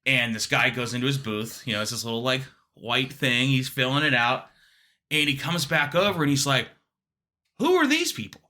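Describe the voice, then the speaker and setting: A man, a comedian guest on a podcast, telling a story in an animated, restless way with quick restarts. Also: medium pitch.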